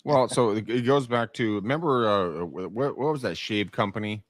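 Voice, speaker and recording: A man's voice: lowish voice, moderate pace, no room sound, studio quality. A man co-hosting a podcast who talks casually and often stumbles over his first words. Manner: hesitant, repeats words when starting. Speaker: podcast co-host. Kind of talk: casual round-table chat.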